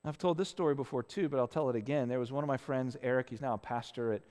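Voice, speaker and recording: A man's voice: medium pitch, fast, a little mellow. Earnest male pastor preaching in reverberant hall. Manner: earnest, with frequent restarts and tag questions. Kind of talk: conversational sermon.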